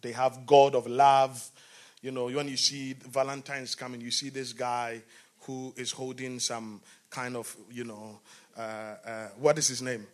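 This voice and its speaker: A man preaching a sermon, often asking the congregation questions and swinging between shouting and quiet talk. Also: mid-range voice, little pitch movement, unhurried.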